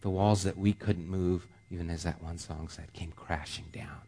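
A middle-aged pastor preaching a sermon, moving between quiet, slow passages and raised, emphatic ones, with casual fillers in his stories. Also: deep voice, fairly even intonation. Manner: storytelling asides with casual fillers. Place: church sanctuary.

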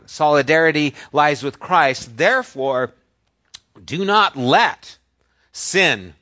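A man preaching a sermon, teaching through a passage and stressing key words with drawn-out pauses. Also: fairly high pitch, pushed and bright, no echo. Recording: dull lo-fi dry recording.

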